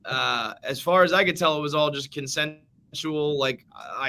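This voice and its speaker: Middle-aged male podcast host, animated jokey banter, very bright tone, a bit high. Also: measured pace, creaky. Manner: animated, joking, heavy swearing. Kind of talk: casual sports podcast banter.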